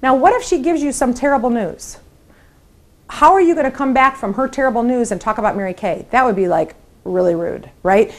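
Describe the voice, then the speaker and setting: A middle-aged woman with a fairly high voice leads a training session for new sales consultants. She is upbeat and encouraging, and she slips into lively voices to act out sample phone calls. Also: a little fast. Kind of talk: training talk to camera.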